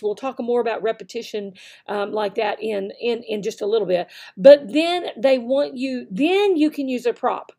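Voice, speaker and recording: A woman giving tips on teaching English online, acting out example phrases in a slow, exaggerated teacher voice. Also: fairly high pitch, a little mellow. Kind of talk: instructional talk to camera with demonstrations.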